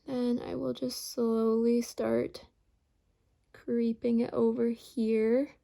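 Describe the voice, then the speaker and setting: A woman beauty vlogger narrating a makeup tutorial, calmly explaining each step. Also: on the high side, slow, creaky.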